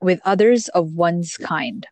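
A woman's voice: on the low side, lively intonation, slow pace, a little mellow. A woman running a casual spelling bee among friends, reading out words and definitions plainly and laughing often.

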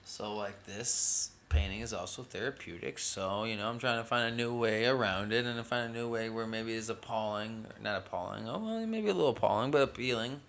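A man's voice: on the low side, fairly quick, vocal fry, few pauses, fairly bright tone. A man hosting his own show in a rambling, casual monologue, laid-back and drawling, swearing a lot and calling everyone "man.". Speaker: podcast host.

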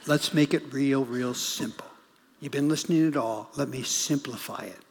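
A middle-aged man, a guest pastor, preaching a sermon as a story, swinging from urgent bursts to hushed, whispered lines. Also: medium pitch, moderate pace, creaky, long reverb tail, a little hiss or hum. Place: church sanctuary.

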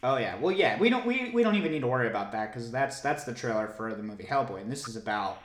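A man co-hosting a casual comedy podcast, animated and jokey, often slipping into loud silly voices. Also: mid-range voice, quick pace, crowd noise. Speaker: podcast co-host. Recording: echoey room with background noise.

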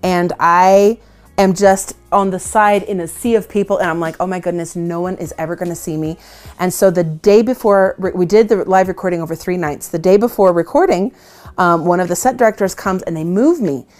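A woman's voice: medium pitch, moderate pace, a little mellow. A woman, a worship leader, telling self-deprecating stories in a casual interview, often laughing. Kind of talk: casual storytelling in conversation.

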